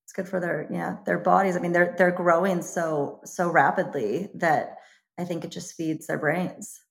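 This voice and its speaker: Woman, somewhat low voice, interview guest, cookbook author, earnest, thoughtful, slightly hesitant. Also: steady tone, moderate pace, creaky. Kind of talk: casual interview chat.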